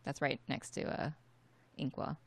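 A woman playing in a tabletop game, describing her character's actions in a halting way, with ums and repeated words. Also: no room sound. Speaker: player.

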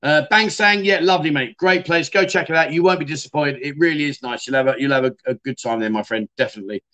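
Middle-aged man, livestream host, slightly high-pitched, casual and chatty with viewers. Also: quick pace, bright, forceful tone. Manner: chatty, self-deprecating, calls viewers mate. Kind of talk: casual livestream chat reading comments.

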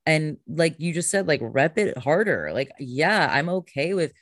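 A woman's voice: low voice, very animated, unhurried, no echo. Enthusiastic woman podcast guest, dry sound. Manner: enthusiastic, emphatic, chatty with "like". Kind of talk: casual podcast conversation.

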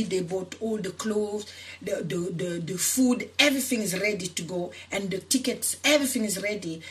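A woman activist from Senegal who grew up in France, telling her personal story in an interview, earnest and emotional, with many restarts. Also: medium pitch. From Senegal, raised in France. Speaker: activist guest.

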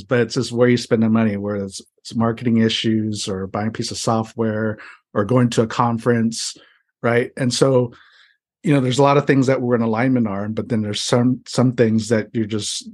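A man from the United States telling a story as an interview guest, chatty and animated. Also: medium pitch, moderate pace. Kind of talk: casual storytelling.

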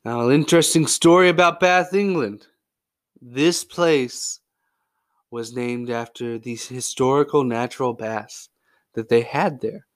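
A man's voice: medium pitch, a little slow. A man hosting a casual sports history podcast, telling stories in a jokey, goofy, chatty way. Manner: jokey and goofy, with playful tall tales; loose and chatty, with frequent fillers. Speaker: podcast host.

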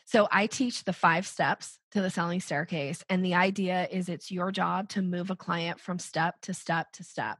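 An upbeat woman explains sales steps on a podcast, her voice lilting up at the ends of sentences. There's some gravel and huskiness in her tone. The sound is close and dry, with little room around it. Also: fairly low pitch, steady tone, moderate pace, hardly any pauses, a bit bright, no room sound. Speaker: guest sales coach. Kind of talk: conversational podcast interview.

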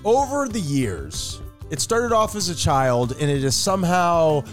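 Joking podcast guy, highish voice all over the place, crude humor, faint music behind. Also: a little slow. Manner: joking, crude, animated storytelling. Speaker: podcast co-host. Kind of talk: casual comedic chat.

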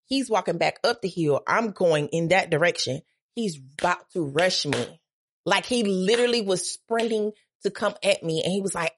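A woman's voice: fairly low pitch, lively intonation, moderate pace. A woman telling a dramatic story as a podcast guest, profane, acting out quoted lines with big jumps in her voice. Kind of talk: animated storytelling.

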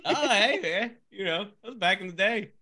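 A man's voice: sits high, expressive, moderate pace, a loud crowd. A man co-hosting a casual podcast, chiming in with profane jokes. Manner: joking, profane interjections. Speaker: podcast co-host.

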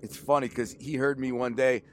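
A man in his forties tells a personal story in an open, unpolished way. His talk is casual and full of slang, and he drops into quoted dialogue as he goes. His voice sits in an ordinary middle pitch. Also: level tone, normal speed, a little hiss or hum. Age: 40s.

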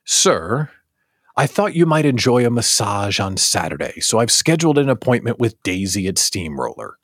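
A man's voice: fairly low pitch, big pitch swings, moderate pace, no echo. A man voicing a polite, formal male butler with a dry, sarcastic edge. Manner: formal, deferential.

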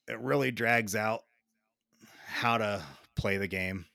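A young adult man co-hosting a casual podcast chat, ranting in a slow drawl and swearing freely. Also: lowish voice, a bit bright, dry recording, studio quality. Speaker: podcast co-host.

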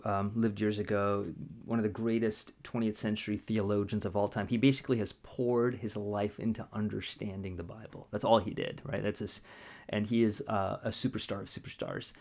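A man co-hosting a faith podcast, telling stories in a casual, lively way. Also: on the low side. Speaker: podcast co-host.

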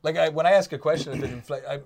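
Joking man, a little high. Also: rapid-fire, a little mellow. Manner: joking, rambling, self-interrupting. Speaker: podcast co-host. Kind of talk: casual chat.

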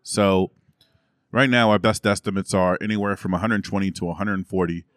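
A man's voice: sits low, steady tone, normal speed, fairly bright tone, no echo, clean studio sound. A man and podcast guest in casual chat, telling stories at an easy pace with lots of "you know" and "like". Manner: laid-back storyteller, says "you know" and "like" often. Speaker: podcast guest, competitive shooting coach.

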